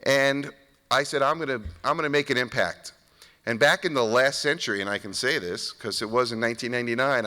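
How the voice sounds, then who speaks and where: A man speaks at a business conference in an earnest, personal tone. His voice is bright and forceful. A long reverb from the hall trails behind his words. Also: mid-range voice. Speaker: solar company speaker. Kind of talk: conference speech.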